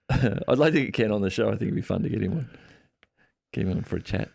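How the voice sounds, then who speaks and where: A man hosting a casual podcast chat, joking and throwing in quick remarks. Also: lowish voice, vocal fry, a little mellow, no echo. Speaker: podcast host.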